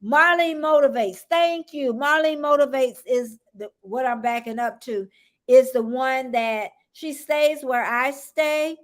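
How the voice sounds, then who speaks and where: High-voiced chatty American woman streaming live. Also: measured pace. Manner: rambling, chatty, greets viewers by name; laughs often. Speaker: livestream host. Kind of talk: casual live-stream chat.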